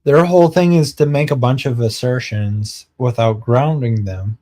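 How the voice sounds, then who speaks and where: Guy streaming, rambling story, quotes his buddies, kinda mellow dark voice. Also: mid-range voice. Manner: rambling, acts out friends' lines in quick quotes; laughs and swears casually. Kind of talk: casual storytelling chat.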